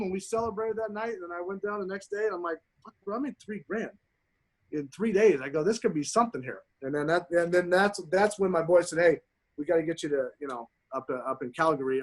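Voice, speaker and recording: A man in his forties, a pro golfer telling profane, animated stories as a podcast guest. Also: sits high, a little fast. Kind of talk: casual storytelling.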